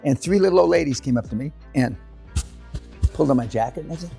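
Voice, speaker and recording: Older guy ranting crude stories at a seminar, gravelly and kinda high-voiced, swears a lot. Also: lively intonation, quick pace, mellow, soft background music. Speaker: seminar speaker. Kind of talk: profane seminar storytelling. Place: large seminar room.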